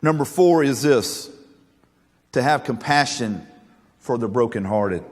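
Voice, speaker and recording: A man's voice: medium pitch, lively intonation, unhurried, in a large hall. A male pastor preaching a sermon, folksy and joking, then earnest and emphatic.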